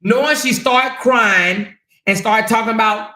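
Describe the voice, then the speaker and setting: A woman's voice: fairly high pitch, unhurried, bright, forceful tone. Female livestream host, brash and profane gossip commentator, roomy echo.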